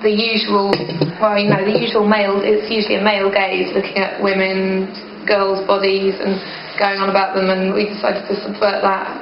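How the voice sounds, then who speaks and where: A woman's voice: medium pitch, completely flat delivery, brisk, few pauses. A woman in a band, chatting casually in an interview, often laughing and joking. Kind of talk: casual chat. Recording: muffled, noisy, echoey old recording.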